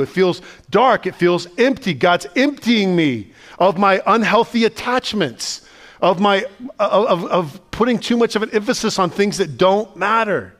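A man, the pastor, preaching a sermon in a conversational, animated way and asking the listeners lots of questions. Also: high-pitched, measured pace. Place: church sanctuary.

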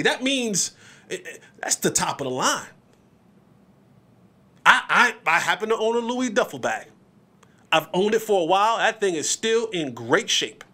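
High-voiced man in animated sports talk. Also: measured pace, long pauses. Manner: emphatic, repeats words, quotes others in his own voice. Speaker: podcast host.

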